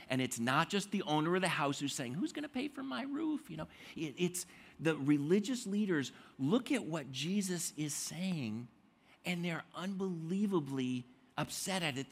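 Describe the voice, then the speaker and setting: A male pastor delivering a sermon in a husky voice. His pitch swings widely as he tells the story, and he acts out the quoted lines with lively emphasis. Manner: animated storytelling with acted-out quotes.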